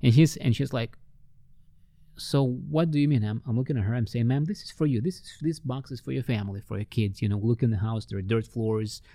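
A man telling ministry stories in an interview, with lively storytelling that acts out the voices of the people he met. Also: fairly quick, no room sound, clean studio sound. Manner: animated, acts out quoted voices with big pitch jumps. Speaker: ministry worker.

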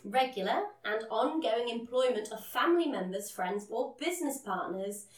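A woman's voice: on the high side, animated, normal speed, roomy sound. A woman co-hosting a podcast in casual chat, with a dry, sarcastic manner. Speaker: podcast co-host.

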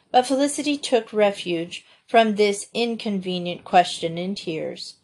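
A woman reading a classic novel aloud as narrator, in a measured, unhurried way. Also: medium pitch, a little mellow. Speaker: audiobook narrator. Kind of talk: storybook narration.

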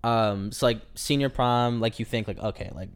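A man's voice: medium pitch, normal speed, smooth. Young man rambling through a story. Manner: rambling, lots of "like" fillers, acts out quotes. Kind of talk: casual storytelling chat.

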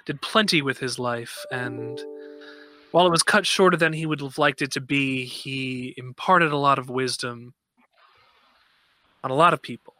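A man playing a thoughtful human starship commander, halting and searching for words. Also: medium pitch, bright, forceful tone, faint music behind, close to an everyday voice. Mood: earnest.

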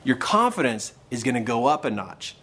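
A man's voice: medium pitch, normal speed, slightly rough. A man hosting a podcast, giving motivational advice on dealing with bullies and acting out the people in his stories. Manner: animated storyteller acting out quoted voices. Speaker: podcast host and coach. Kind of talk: motivational talk. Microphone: podcast microphone.

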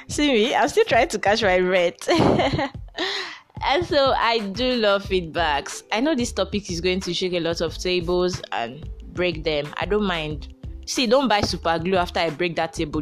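A young Nigerian woman hosting a Christian podcast, talking emphatically and preaching at times. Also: mid-range voice. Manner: emphatic, preachy, shouting at times with bursts of laughter. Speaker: podcast host. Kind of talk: motivational Christian podcast talk.

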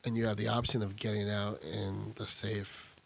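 Young man, gravelly, rambling casual storyteller. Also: lowish voice, flat delivery, normal speed, fairly bright tone. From United States. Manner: rambling storyteller, many "like" fillers. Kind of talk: casual chat.

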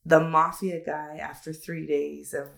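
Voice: mid-range voice, level tone, measured pace, gravelly. A podcast host asking questions and recapping the story for listeners in a casual interview.

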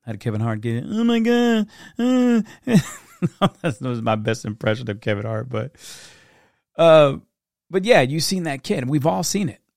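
Animated storytelling dad, dry sound. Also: male voice, medium pitch, brisk, gravelly, no room sound. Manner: animated storytelling with impressions and laughs. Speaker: parent giving advice. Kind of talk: casual monologue.

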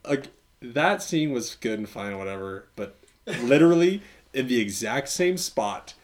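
A man chatting casually with a friend about a movie, animated and quick to laugh. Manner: animated, jumps into high-pitched impressions when laughing. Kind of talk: casual chat reviewing a movie.

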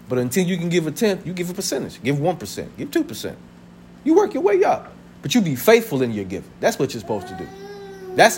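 A man in his thirties preaches in a casual, storytelling way, his fairly high voice swinging widely from line to line. A faint hiss sits under the church recording. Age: 30s. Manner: conversational preaching with laughter and acted family voices. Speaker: pastor. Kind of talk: sermon. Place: church sanctuary.

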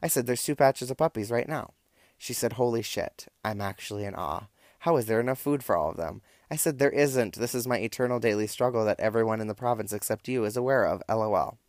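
A man's voice: medium pitch, a little fast, no echo, clean studio sound. A young man casually recapping and reading out text messages, with wry, campy asides. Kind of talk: casual storytelling, reading out texts.

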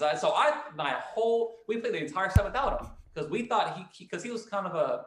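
A band frontman and podcast host chats casually, spinning a long, rambling story about his band and often acting out what people said. His voice sits on the high side with a fairly bright tone, and he talks fast with hardly any pauses, restarting often. The sound is roomy.

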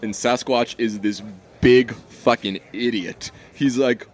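A man's voice: mid-range voice, slow. Profane, rambling man on a podcast. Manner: profane, rambling, animated storyteller. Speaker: podcast co-host. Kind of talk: casual chat.

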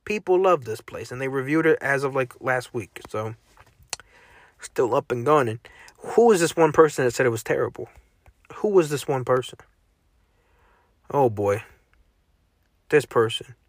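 Male solo podcast host, profane and joking, animated delivery, dry close mic. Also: medium pitch, a little slow, pauses often, dry recording. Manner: profane, joking, reacting aloud while browsing online. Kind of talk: casual solo podcast commentary.

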